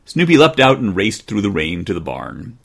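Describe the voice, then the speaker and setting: A man hosting a podcast, reading a children's storybook aloud in an expressive way with dry humor. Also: on the low side, normal speed, gravelly, slightly rough. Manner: expressive, dryly joking. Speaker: podcast host.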